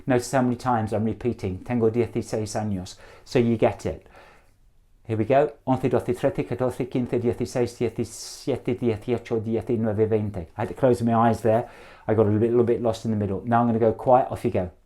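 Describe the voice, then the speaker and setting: A middle-aged man with an English accent, a Spanish teacher drilling numbers for students to repeat, brisk, encouraging and gently jokey. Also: mid-range voice, fairly even intonation.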